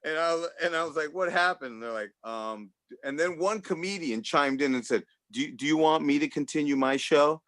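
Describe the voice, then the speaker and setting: A man's voice: a little high, fairly quick, a bit bright, dry recording. A man from Los Angeles doing a loose, rambling stand-up set over a video call, often laughing at his own jokes. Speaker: stand-up comedian. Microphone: home computer mic on a video call.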